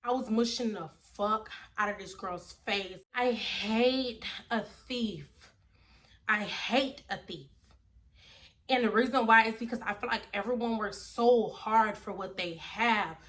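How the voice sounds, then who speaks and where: A woman telling a wild personal story on her vlog, animated and slangy, acting out everyone's voices. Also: mid-range voice, measured pace. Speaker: vlogger.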